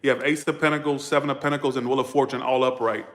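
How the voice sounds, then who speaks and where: A man's voice: medium pitch, flat delivery, very fast. Blunt, foul-mouthed man reading tarot. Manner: blunt, profane and outspoken; chatty, talks straight to viewers. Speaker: tarot reader. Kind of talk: casual livestream tarot reading.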